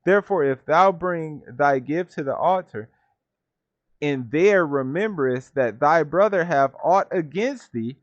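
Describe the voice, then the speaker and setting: Unhurried, with a slightly high voice and lively intonation, a man teaches scripture from his home. He reads a verse, defines its words, and keeps checking in with "right?". The audio lacks echo and has its highs cut off.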